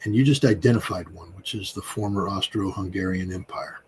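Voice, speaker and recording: A man's voice: low-pitched, fairly even intonation, fairly quick, darkish tone, breathy edge. A middle-aged man from the United States, a guest commentator talking in a rambling, emphatic way, with many fillers and restarts. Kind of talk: conversational political commentary.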